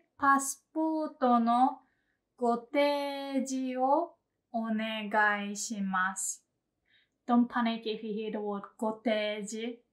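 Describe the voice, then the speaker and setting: Woman language tutor, relaxed and chatty, unhurried, slightly high voice, repeats example phrases carefully. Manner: chatty, laughs, many fillers like "um" and "you know"; says example phrases slowly and clearly, then repeats them. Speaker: language teacher. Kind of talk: casual spoken lesson.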